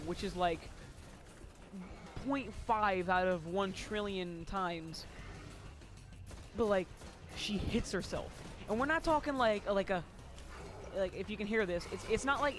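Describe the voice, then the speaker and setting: A man's voice: high-pitched, a bit bright. A teenage boy telling a rambling school story in casual chat, giggly and casually swearing. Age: teens.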